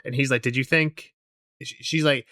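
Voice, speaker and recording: Recorded with clean studio sound and no echo, a young podcast co-host talks at normal speed in a mid-range voice. His recap of a TV episode is casual and animated, full of quoted character lines and frequent laughter.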